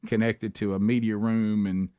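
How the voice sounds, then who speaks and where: A man's voice: lowish voice, normal speed, clear, resonant tone. Man telling a story on the show. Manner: animated storyteller, acts out dialogue. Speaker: radio show host.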